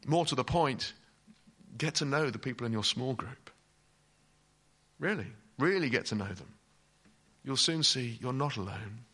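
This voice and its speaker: A male preacher delivering a sermon with a bright, ringing voice that swings widely in pitch. He is emphatic and speaks directly to his listeners, asking them questions as he goes. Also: slightly rough.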